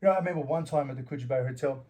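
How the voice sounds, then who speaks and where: Rapid-fire and a little mellow, this medium-pitched voice belongs to a middle-aged Australian guest, once a fighter and bouncer. In a casual interview he tells door stories, swears freely, and acts out the quarrels.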